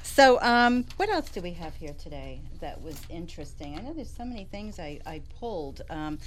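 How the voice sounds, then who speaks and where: A woman's voice: fairly low pitch, big pitch swings, moderate pace, a little hiss or hum. Chatty enthusiastic woman designer. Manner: chatty, enthusiastic, laughs often. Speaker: interior designer and show regular. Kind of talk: casual radio chat.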